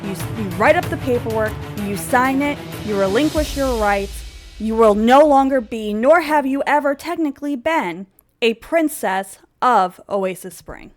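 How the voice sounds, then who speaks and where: A woman voicing a domineering king who barks orders at his wife, loud and insistent, with music playing under her. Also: a little high, moderate pace, few pauses, lightly acted. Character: domineering male king, cold and commanding.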